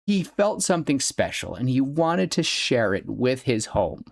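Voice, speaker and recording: A man's voice: mid-range voice, sing-song, a little slow, gravelly, few pauses, no room sound. Gushing male podcast host, dry sound. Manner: gushing, rambling fan talk with laughs. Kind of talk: casual solo podcast commentary.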